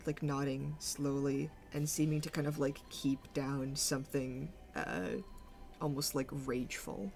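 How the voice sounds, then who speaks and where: A woman's voice: sits low, flat delivery, a little mellow, faint music behind. A woman narrating as game master for a tabletop game, hesitant and full of fillers. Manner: slow, hesitant, many fillers.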